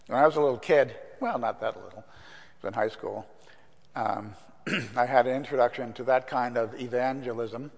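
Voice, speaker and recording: An older man preaching a sermon in a church, telling a story in a relaxed, conversational way with fillers. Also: mid-range voice, normal speed, gravelly. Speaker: pastor. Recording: long reverb in a church hall.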